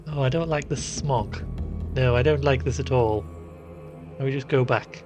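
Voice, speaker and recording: A man's voice: medium pitch, moderate pace, music in the background. Chatty man streaming a horror game. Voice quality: chatty, squeamish, laughs easily. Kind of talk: casual live gameplay commentary. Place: room sitting in the dark.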